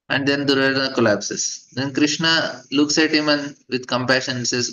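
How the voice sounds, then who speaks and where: A man teaching a scripture class and retelling a story, with halting speech, fillers and restarts. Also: medium pitch, fairly even intonation, pushed and bright. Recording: dull lo-fi recording.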